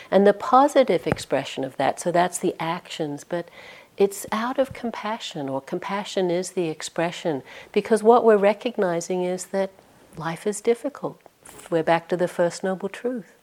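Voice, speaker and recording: Low-voiced woman giving a gentle dharma talk. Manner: gentle, unhurried, reflective. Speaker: meditation teacher.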